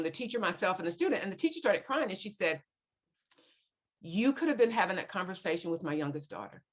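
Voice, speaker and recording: A woman's voice: mid-range voice, fairly bright tone. A woman speaking earnestly to a parents' group, retelling conversations with students and quoting them at length. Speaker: guest speaker on parenting teens. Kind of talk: storytelling talk to a parents' group.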